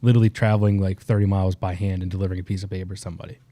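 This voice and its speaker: A man's voice: low-pitched, level tone, rapid-fire, mellow, no echo. A man co-hosting a casual podcast chat, explaining things earnestly with hesitant restarts. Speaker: co-host.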